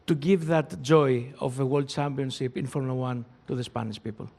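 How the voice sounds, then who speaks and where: A man's voice: medium pitch, fairly even intonation, fairly quick, darkish tone. A man from Greece with a Greek accent, a journalist asking a carefully worded question at a press conference.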